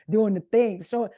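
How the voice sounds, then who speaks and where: A woman's voice: mid-range voice, dry recording. A young woman from Southern California, a podcast guest telling candid stories in casual interview talk and acting out her family's lines. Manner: candid, animated, acts out family members' lines.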